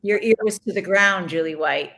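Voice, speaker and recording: Chicago-accent woman, mid-pitch, laid back, just talking shop. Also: moderate pace, creaky, fairly bright tone. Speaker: stage actress, guest. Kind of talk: casual chat.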